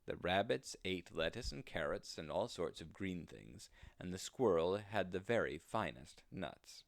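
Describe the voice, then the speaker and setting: A man reads a children's storybook aloud in a low, unhurried voice. His pitch swings widely with sing-song expression. The recording is dry and close, with no room echo. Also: expressive, vocal fry.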